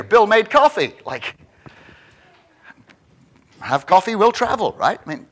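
A pastor preaches a sermon in a joking, animated way, often repeating words as he restarts his thoughts. His voice is high, at normal speed, with long pauses.

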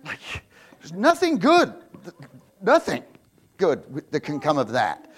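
A man preaching a sermon, swinging between loud proclamations and quiet asides, often repeating and restarting words. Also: high voice, wildly swooping pitch, unhurried, long pauses, husky. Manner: self-interrupting, repeats words. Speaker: pastor.

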